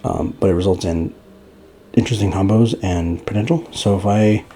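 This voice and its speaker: A man's voice: low voice, moderate pace, warm tone, slight background noise. A young man giving casual, rambling gameplay commentary for a fighting-game guide, a little out of breath. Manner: rambling, loose, with many fillers and restarts. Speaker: gaming guide creator.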